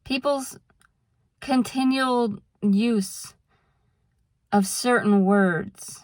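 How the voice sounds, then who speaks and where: A woman's voice: fairly high pitch, extremely slow, no echo, studio quality. A woman vlogger talking casually to camera, explaining things patiently with examples and drifting into a frank rant. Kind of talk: casual talking-head monologue.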